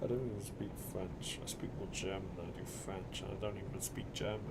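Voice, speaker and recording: A man's voice: low voice, steady tone, a little fast, heavy background noise. A young man giving casual, joking commentary while playing a game and talking to viewers. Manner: joking, swears freely, talks to viewers. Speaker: gameplay streamer.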